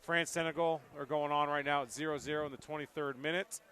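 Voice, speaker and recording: A man's voice: on the high side, fairly even intonation, fast, bright, forceful tone, smooth. A man hosting a casual sports radio show live from a busy pub, upbeat and talkative. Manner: upbeat, talkative, plugs the bar between sports talk. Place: busy pub, remote broadcast.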